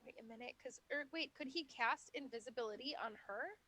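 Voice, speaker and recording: A woman playing a tabletop game, talking in a lively, joking way. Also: on the high side, brisk. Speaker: player.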